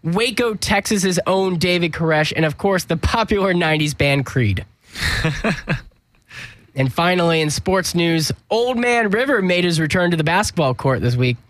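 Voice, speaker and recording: A man's voice: sits high, expressive, moderate pace, a bit bright, dry recording. A young man hosting a comedy news segment, sarcastic and joking, often stumbling and restarting his sentences. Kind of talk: mock news comedy monologue.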